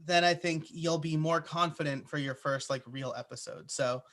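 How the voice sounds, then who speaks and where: A man's voice: fairly high pitch, normal speed, fairly bright tone. A man answering interview questions in a casual, chatty way, with plenty of "uh" and "like" fillers. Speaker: podcaster guest.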